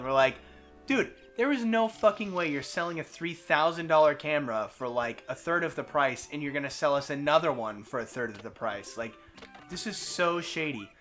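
Animated, profane man telling a story. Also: on the high side, moderate pace, soft background music. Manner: animated, profane storyteller who acts out quotes. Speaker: let's play host. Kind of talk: casual gaming commentary and storytelling.

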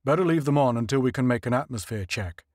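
A man's voice: mid-range voice, animated, fast, darkish tone, dry recording, studio quality, close to an everyday voice. A man voicing a practical male pilot and general who speaks in a level, matter-of-fact way. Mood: steady.

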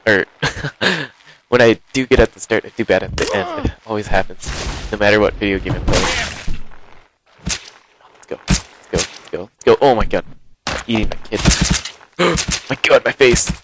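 A man giving live, excitable commentary while playing a game, exclaiming and gasping often, recorded on a headset. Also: on the low side, a little slow, long pauses, background noise. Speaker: gaming video host.

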